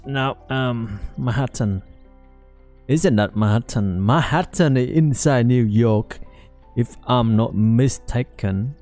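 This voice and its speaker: A man giving halting, rambling commentary while playing a game, with many fillers. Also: mid-range voice, a little mellow, soft background music. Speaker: let's play host. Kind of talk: casual gameplay commentary.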